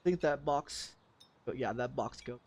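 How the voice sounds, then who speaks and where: A man's voice: medium pitch, a little slow, a little mellow, slightly rough. A man from Texas, a game streamer, telling an angry story in profane, cursing casual talk.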